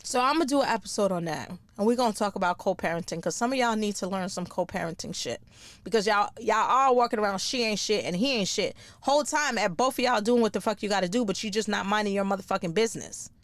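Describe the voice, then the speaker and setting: A woman's voice: medium pitch, fast talker, no room sound. A middle-aged woman, a comedian hosting her own podcast, ranting bluntly with lots of swearing and laughing at her own jokes. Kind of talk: profane comedic rant.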